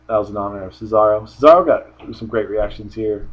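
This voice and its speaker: A man's voice: on the low side, brisk, dull audio. A man giving a casual solo review of a wrestling show, rambling offhand with frequent restarts.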